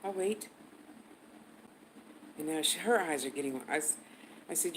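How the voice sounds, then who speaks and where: A woman's voice: deep voice, lively intonation, unhurried, pauses often, fairly bright tone, a little hiss or hum, rough recording. Blunt, cursing older woman telling a story. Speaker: vlogger. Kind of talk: profane storytelling.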